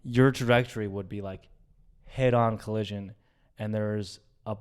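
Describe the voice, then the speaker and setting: A man's voice: lowish voice, normal speed, clear, resonant tone. A young man co-hosting a podcast, telling a story casually and animatedly, acting out the voices of the people in it. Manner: animated retelling, acts out quoted voices, swears. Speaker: podcast co-host.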